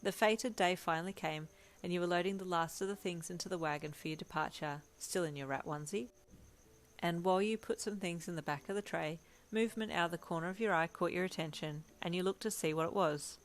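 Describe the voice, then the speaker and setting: A woman reading a second-person fanfiction story aloud at a steady, even pace. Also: on the low side, brisk. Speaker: fanfiction reader.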